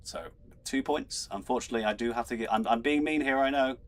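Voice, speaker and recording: A male quizmaster hosts an online trivia show in a middle-pitched voice. He is chatty and laughs often. He stumbles over his words as he reads out questions and scores. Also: fast. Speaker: quizmaster host.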